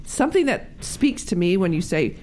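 A woman's voice: on the low side, normal speed. A woman co-hosting a talk show, enthusiastic and chatty. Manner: enthusiastic, lively storyteller. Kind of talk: casual chat.

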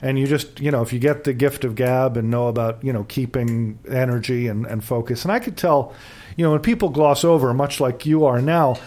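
A man's voice: medium pitch, a little fast, darkish tone. An older man co-hosting a talk show in casual chat, rambling and self-deprecating, with many restarts. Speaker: co-host.

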